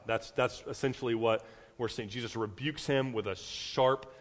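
A man's voice: medium pitch, steady tone, normal speed. A young man preaching a casual sermon, talking loosely with fillers and restarts and acting out quotes. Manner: conversational, many fillers and restarts, acts out quotes. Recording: long reverb of a large hall.

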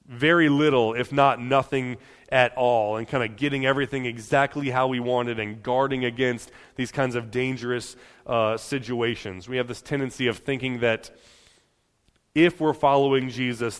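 A man preaching a sermon in a conversational way, often restarting and adding quick "right?" asides. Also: mid-range voice, a bit bright, in a large hall. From United States. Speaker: pastor.

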